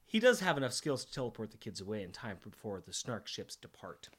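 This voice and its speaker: A man's voice: on the low side, big pitch swings, fairly quick, a bit bright, slightly rough. A middle-aged man co-hosting a casual comic book podcast, enthusiastic and jokey, laughing often. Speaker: podcast co-host.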